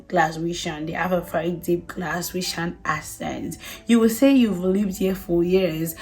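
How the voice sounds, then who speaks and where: A woman giving casual advice to viewers, chatty and emphatic, often repeating herself and laughing. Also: fairly low pitch. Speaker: vlogger.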